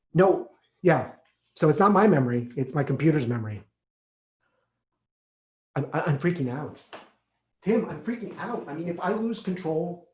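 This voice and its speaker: A man playing an anxious recovering alcoholic on the phone to his sponsor, halting and stammering as he repeats himself. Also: a little high, darkish tone, natural voice. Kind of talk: stage monologue acting. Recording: echoey room.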